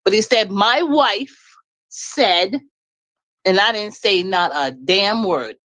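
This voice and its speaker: A middle-aged woman venting bluntly in a casual live-stream chat, laughing often and jumping high in pitch when she gets indignant. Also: lively intonation, takes it slowly, fairly bright tone, no room sound. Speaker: guest speaking on a live stream.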